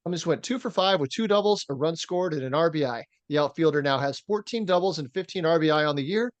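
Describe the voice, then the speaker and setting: This podcast co-host's voice is a little high and quick-paced, recorded dry. He chats casually about baseball and reads through the numbers in a steady rundown, using lots of fillers.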